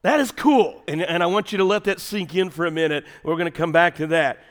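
A high-pitched male pastor preaching to his congregation in an animated, chatty way. He drops to a hush and then rises again for emphasis. A long reverb hangs in the church sanctuary. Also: a little fast. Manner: animated, conversational, swings between loud and hushed. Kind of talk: sermon.

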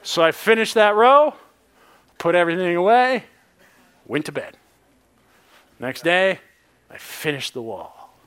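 A man in his thirties, a pastor, preaching a sermon with animated personal stories and laughing asides. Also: high voice, a little slow, long pauses, clear, resonant tone.

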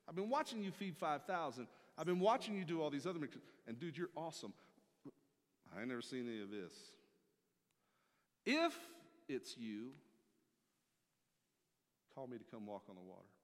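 A man playing a brash, eager fisherman disciple who still doubts, in high, loud casual slang. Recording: long hall reverb.

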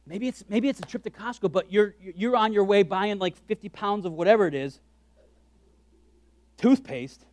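A man preaching a sermon as pastor, animated and joking, acting out his own thoughts in quick asides. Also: sits high.

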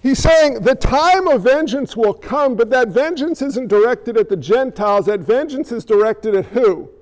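A man preaching a sermon, animated and firing rhetorical questions at his listeners. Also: very high voice, normal speed, long reverb tail.

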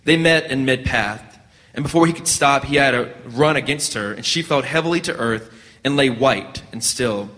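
Bright-voiced man reading a story aloud. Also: medium pitch, moderate pace, in a large hall. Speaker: narrator.

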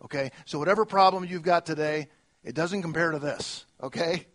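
A male pastor preaching a sermon earnestly, moving between soft, slow lines and emphatic ones. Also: on the high side.

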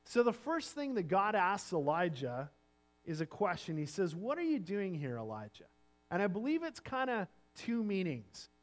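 A man preaching a sermon as a pastor, earnest, dropping to near-whispers and then swelling louder for emphasis. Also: high voice, very animated, normal speed.

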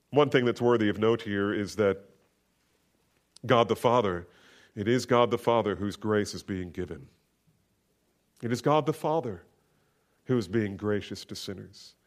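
A man delivering a sermon at a mid-range pitch. His delivery is emphatic, and his voice climbs and slows when he quotes scripture. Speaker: preacher.

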